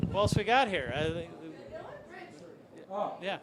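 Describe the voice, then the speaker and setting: A male host with a slightly high voice keeps his answers short and agreeable. He is doing live interviews outdoors outside a music venue. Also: animated, slow pace, heavy background noise. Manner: brief, agreeable replies.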